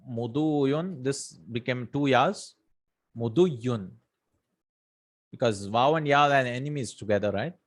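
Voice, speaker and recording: A man explaining Arabic grammar at an ordinary pitch, reciting verses and then unpacking them in English. He pauses with fillers, corrects himself, and keeps asking "right?" and "hmm?" to check the listener is following. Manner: many fillers and self-corrections. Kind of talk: explanatory lesson.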